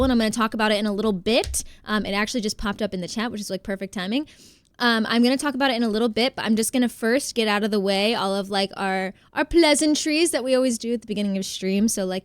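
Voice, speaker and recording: Bubbly American woman streamer, slightly high, smooth and close on the mic. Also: no room sound. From United States. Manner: bubbly, chatty, greets viewers by name. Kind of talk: casual live-stream chat.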